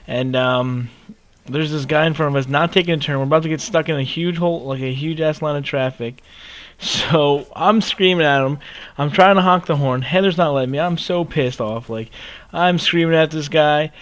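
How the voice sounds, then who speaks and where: A man in his twenties telling a story in a casual, animated way over gameplay, with lots of cursing and emphasis. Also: fairly high pitch, a little fast. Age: 20s. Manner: animated, profane, emphatic ranting. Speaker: gaming video creator.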